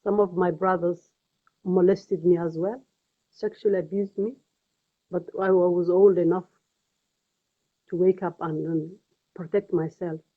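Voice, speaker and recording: A woman's voice: on the low side, fairly even intonation. Earnest Somali-accented woman, tinny phone audio. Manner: earnest, pleading, halting and repetitive. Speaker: vlogger. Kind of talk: personal testimony vlog.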